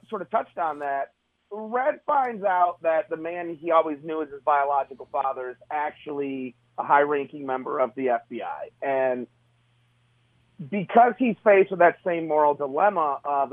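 A man's voice: on the high side, no room sound. Earnest man on a tinny phone line. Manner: earnest, restarts often. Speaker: author guest. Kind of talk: casual interview talk.

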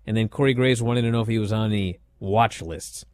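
A man hosting a wrestling recap show, talking in a sarcastic, animated way and acting out what others said. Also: on the low side, a little fast, no echo, clean studio sound. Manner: sarcastic, animated, acts out quotes. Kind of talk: casual recap commentary.

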